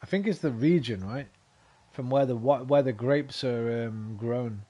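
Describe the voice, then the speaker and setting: A man's voice: medium pitch, a little slow, dark tone. A young man giving casual, swear-filled commentary while playing a video game and talking back to it. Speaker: game streamer. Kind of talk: casual let's-play commentary.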